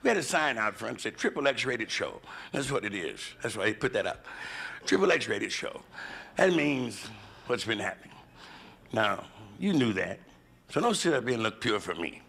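A middle-aged man doing a raunchy stand-up routine on a comedy club stage with a handheld mic, drawling and swinging into loud shouted voices. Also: fairly low pitch, very animated, normal speed, creaky, husky. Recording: loud hiss on an old live club recording.

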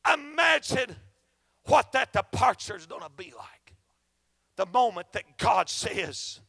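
A fervent male preacher delivers a revival sermon in a strikingly high, bright voice with a gravelly rasp. He swings from shouted outbursts to hushed, dropped passages. The sound is dry and close. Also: big pitch swings, slow pace, dry recording.

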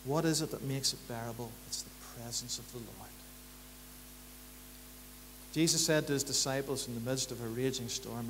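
A man preaching a sermon in church, building to emphatic rhythmic repetitions and then dropping low and quiet. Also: normal speed. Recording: church hall reverb, faint hum.

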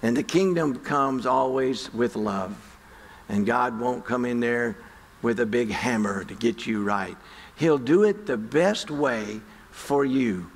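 A man's voice: medium pitch, animated, slow pace, big-room sound. A middle-aged male pastor preaching a sermon in a folksy, conversational storytelling way. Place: church sanctuary.

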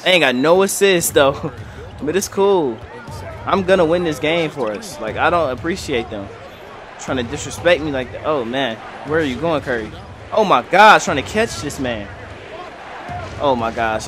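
Excitable young man calling his own game. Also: on the high side, normal speed, pauses often. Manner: excitable, talks to the screen, trash talk. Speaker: gaming commentator. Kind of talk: live gameplay commentary. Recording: game music and crowd noise faintly behind. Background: faint game music and arena crowd.

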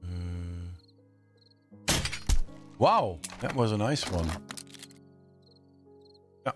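A man's voice: sits low, animated, extremely slow, over music. A man casually commenting on his own survival game, chatting to the zombies and grumbling at them in mock annoyance; his is not English. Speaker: gaming channel host.

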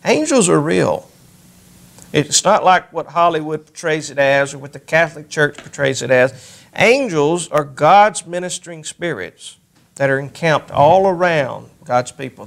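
Gravelly guy preaching, voice goes up and louder on the bible verses. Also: animated, moderate pace. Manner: rises in pitch and volume when reading scripture aloud. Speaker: pastor. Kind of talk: sermon.

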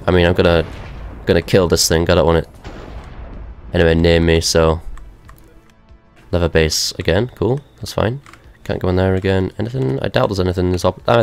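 A man's voice: sits low, clean tone. A young man giving rambling let's-play commentary to himself, with wry asides as he explores a game. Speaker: gaming video host.

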